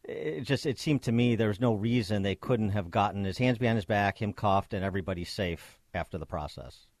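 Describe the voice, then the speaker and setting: A man hosting a radio interview, asking long, measured questions with many fillers. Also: fairly low pitch, no echo, studio quality. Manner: measured, hesitant, many fillers between phrases. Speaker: radio host.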